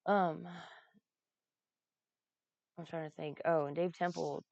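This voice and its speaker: A woman's voice: deep voice, fairly even intonation, slow, vocal fry, darkish tone, no echo, dull audio. A woman telling casual, rambling stories, laughing often and swearing freely. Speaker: vlogger recounting a comedy festival. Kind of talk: casual storytelling.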